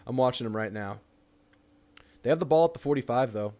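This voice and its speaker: A young man hosts a live fan stream about college football, reacting to a game and excitedly reading chat comments aloud like a sports talk show host. His voice sits at medium pitch, runs a little fast, and pauses often.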